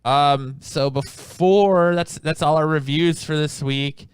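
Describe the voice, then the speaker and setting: A man hosting a laid-back comic review chat, his voice smooth and resonant in a dry, close space. He rambles through each summary, doubling back and filling pauses with ums. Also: a little high, steady tone, no echo. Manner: rambling, restarts often, many ums. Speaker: comic book reviewer, podcast host.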